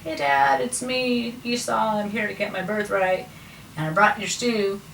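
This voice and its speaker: A woman's voice: medium pitch, steady tone, unhurried, vocal fry, a bit bright, pitched above the performer's own voice. A woman voicing a nervous young man, the younger twin, protesting hesitantly. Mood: worried. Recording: roomy, distant mic, faint noise.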